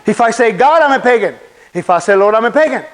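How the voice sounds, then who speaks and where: A man's voice: extremely high pitch, lively intonation, fast talker, rough recording. A man giving a conference sermon, preaching animatedly and putting rhetorical questions to the audience. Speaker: conference speaker. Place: conference hall.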